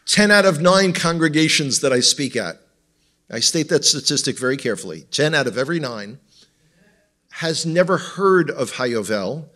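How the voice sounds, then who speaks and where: A man's voice: a little high, animated, normal speed, fairly bright tone. A man with an Israeli accent, a tour guide giving a humorous teaching talk with slides to a congregation, full of wry jokes and asides to the audience. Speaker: tour guide and guest speaker. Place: church congregation in front of an audience.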